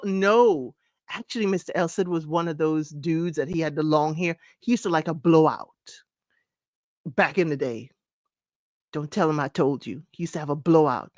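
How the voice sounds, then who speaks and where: A woman's voice: low-pitched, normal speed, no echo. Woman host, middle-aged, casual and chatty, sings along in places; dry close mic. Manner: chatty, sings snippets, laughs often. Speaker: podcast host. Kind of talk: casual chat counting down music.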